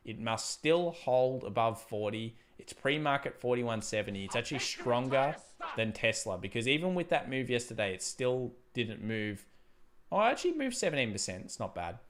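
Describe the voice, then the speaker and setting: A man's voice: lowish voice, fairly bright tone. A man hosting a live trading stream, thinking aloud over charts and thanking viewers by name. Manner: reads out viewer donations and thanks them. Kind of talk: live market commentary.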